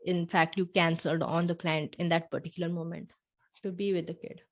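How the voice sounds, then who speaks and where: Woman podcast host with a lowish voice, reflective second-person storytelling, unhurried, with soft asides. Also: little pitch movement, dull audio. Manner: talks the listener through a scenario in second person, with soft asides.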